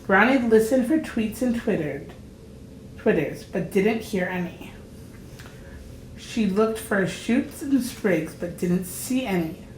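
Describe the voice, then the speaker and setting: A woman reading a children's story aloud, gentle and deliberate. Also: medium pitch, lively intonation, slight background noise. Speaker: storybook reader. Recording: roomy echo.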